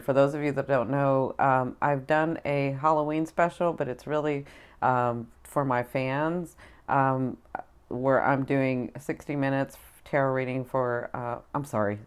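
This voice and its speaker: Very low-voiced effusive woman tarot reader. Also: clean tone. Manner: effusive, repeats herself, many fillers. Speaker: spiritual advisor and tarot reader. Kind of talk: casual tarot chat to camera.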